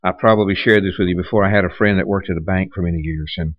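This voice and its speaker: Low-voiced man preaching a sermon. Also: fairly even intonation, fast talker, no echo, lo-fi sound. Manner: conversational preaching with repeated restarts and rhetorical questions. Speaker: pastor.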